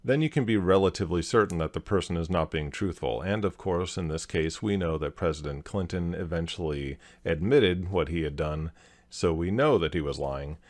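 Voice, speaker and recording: A man hosting a video, calmly analyzing a clip and explaining each point step by step. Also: low-pitched, normal speed. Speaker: host, body language analyst.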